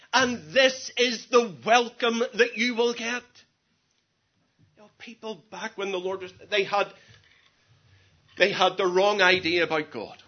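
A man preaching an evangelistic sermon, earnest, swinging from quiet to loud with drawn-out emphasis. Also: high-pitched. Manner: earnest, rises and drops sharply in volume, drawn-out emphasis. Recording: dull lo-fi sermon recording.

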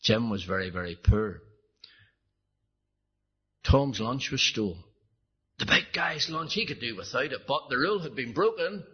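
Earnest male preacher, husky voice, dull lo-fi recording, pleading sermon delivery. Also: medium pitch, animated, unhurried, long pauses. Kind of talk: evangelistic sermon storytelling.

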